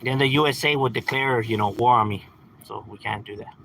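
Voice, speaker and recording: A man's voice: mid-range voice, brisk, a bit bright, slight background noise, rough recording. A man in his thirties from California, talking casually on a livestream in a laid-back, slangy way and laughing often. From San Fernando Valley, California. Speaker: livestream host.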